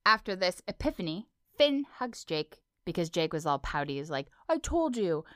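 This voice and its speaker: A woman's voice: on the low side, big pitch swings, moderate pace, pushed and bright, clean tone, dry recording, clean studio sound. A woman co-hosting a podcast, recapping a cartoon episode in casual, playful chat. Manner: chatty, giggly, playful. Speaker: podcast co-host.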